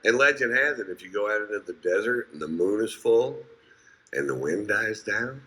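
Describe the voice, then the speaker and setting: A man's voice: lowish voice, lively intonation, normal speed. A man doing stand-up comedy, telling a profane story and putting on voices for the people in it. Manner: profane, storytelling with put-on quotes. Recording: played stand-up clip with loud crowd noise. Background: audience laughter.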